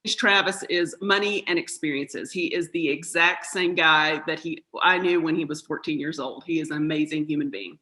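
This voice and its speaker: Southern lady in her middle years, bright crisp tone, chatty storyteller, laughs easy. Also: sits low, normal speed, few pauses, low-quality recording. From North Carolina, US. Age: middle-aged. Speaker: guest, mindset coach. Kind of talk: podcast interview.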